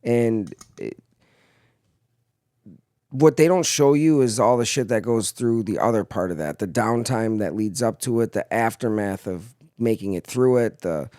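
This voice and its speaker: A young man, a former Marine, casually telling profane stories on a podcast in an animated way. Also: on the low side, measured pace, no echo, studio quality. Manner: profane storytelling, animated in anecdotes. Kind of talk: casual chat.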